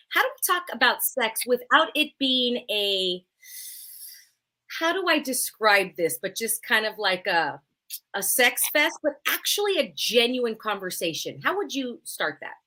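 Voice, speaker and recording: Woman podcast host, lively up and down voice, asks lots of questions. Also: a little high. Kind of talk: live podcast chat.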